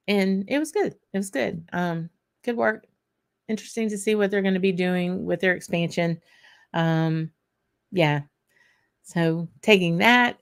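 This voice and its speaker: A woman host, chatting casually and easily with plenty of ums as she wraps up a whisky tasting episode. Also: deep voice. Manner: chatty and relaxed, with frequent ums and light laughs. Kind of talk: casual podcast chat.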